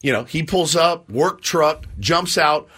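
A middle-aged man co-hosting a morning radio show, telling stories with lively put-on voices. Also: a little high, a little slow, breathy edge. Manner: animated storyteller, acts out voices in his stories. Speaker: sports radio co-host. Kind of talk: casual morning-show banter.

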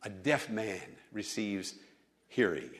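Fervent preacher man, lively pitch. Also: slow pace. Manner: fervent, rising to loud emphatic appeals. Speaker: pastor. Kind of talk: sermon.

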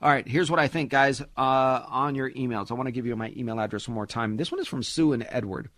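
A man hosting a financial talk radio show, talking in an animated, sarcastic way. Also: mid-range voice, quick pace, no echo, studio quality. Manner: animated, sarcastic, mocks others in put-on voices.

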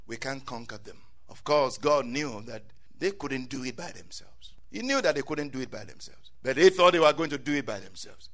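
A man's voice: on the high side, fairly bright tone. A male preacher delivering an emphatic, repetitive sermon, often calling out amen.

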